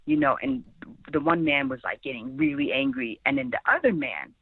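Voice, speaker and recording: A woman's voice: mid-range voice, wildly swooping pitch, a little fast, gravelly, husky, no echo. A young woman in her twenties from Sierra Leone recounts her past to an interviewer, earnest and leaning on "like" and "really". Her voice comes through a thin, phone-like line. The sound is dry and close. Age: 20s. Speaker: guest. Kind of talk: personal storytelling interview.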